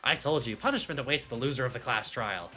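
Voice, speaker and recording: A man's voice: mid-range voice, fast, bright, forceful tone, faint music behind, lightly acted. A man voicing a gleeful, sadistic male bear headmaster who taunts in a sing-song, mock-cheerful way.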